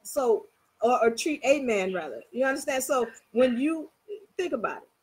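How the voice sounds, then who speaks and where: Husky-voiced woman giving a lively pep talk. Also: on the high side, normal speed, rough recording. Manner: animated, storytelling, coaxing listeners. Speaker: spiritual teacher. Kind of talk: casual motivational talk.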